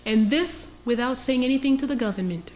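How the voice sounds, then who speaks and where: Speaking fairly quickly in a slightly mellow, higher-leaning voice, a woman lectures the public with passion and emphasis. She acts out scenes and throws out rhetorical questions, over slight background noise on a rough recording.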